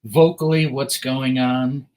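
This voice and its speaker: Man from connecticut, co-host, mid pitch, rambling questions, lots of fillers. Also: fairly even intonation, takes it slowly, darkish tone, poor audio. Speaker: podcast co-host.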